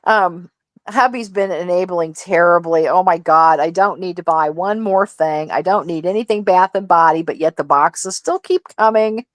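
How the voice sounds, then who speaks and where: Woman, casual stream co-host, lively storyteller, dry close mic. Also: on the low side, moderate pace, no room sound. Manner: animated storytelling, acts out quoted voices. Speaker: livestream co-host. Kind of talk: casual chat.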